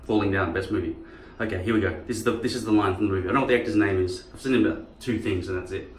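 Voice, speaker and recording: A man's voice: on the low side, rapid-fire, slight background noise. A man vlogging in casual chat, rambling and profane. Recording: echoey room.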